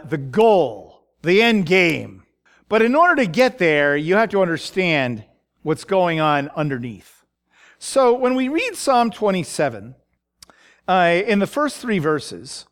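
A man's voice: sits high, fairly bright tone. A man preaching a sermon, explaining a psalm in a thoughtful way, with frequent fillers, restarts and "right?" checks.

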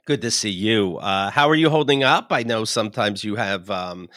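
Lively, bright-voiced male podcast host. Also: on the low side, dry recording, clean studio sound. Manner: halting, full of restarts and fillers. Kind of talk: casual comedic chat.

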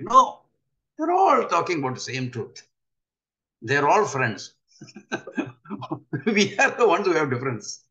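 An older man teaches with earnest conviction, his voice sitting a little high for a man. He keeps turning to his listeners with rhetorical questions. The recording is dull and lo-fi. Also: big pitch swings, moderate pace, pauses often, bright, forceful tone. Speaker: spiritual teacher. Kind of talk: spiritual talk.

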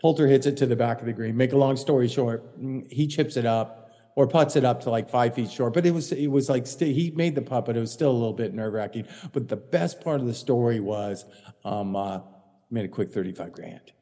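A man's voice: mid-range voice, a little fast, warm tone, in a large hall. A man, a caddie and podcast co-host, chatting casually and telling stories in a rambling, self-correcting way. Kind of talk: casual chat.

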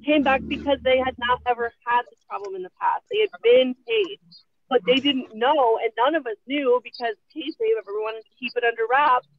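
A woman's voice: fairly high pitch, fairly even intonation, brisk, hardly any pauses, no room sound. A woman talking over the phone on a podcast, explaining things at length. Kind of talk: casual podcast chat. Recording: tinny phone line.

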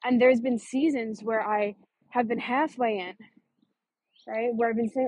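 A woman business coach in a casual motivational monologue, emphatic, swearing freely, with a fast, punchy delivery. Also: a little high, fairly even intonation, darkish tone, husky.

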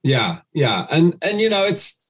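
A man's voice: a little high, sing-song, a little slow, a bit bright. A man, a dog trainer, explaining his method in an interview, acting out owners' commands.

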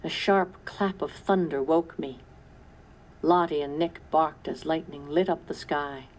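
A woman reading a storybook aloud in calm, measured narration. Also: sits low, low-quality recording. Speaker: storybook reader. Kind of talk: scripted narration.

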